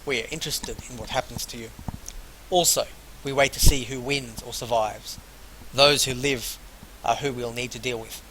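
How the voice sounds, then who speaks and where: A man recording a game playthrough at a mid-range pitch. He reads long passages of game text aloud in full, then mutters short, casual asides between them. A faint hiss runs under his voice. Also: fairly even intonation, moderate pace, sharp tone, low-quality recording. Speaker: let's player. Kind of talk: gameplay commentary and reading game text aloud.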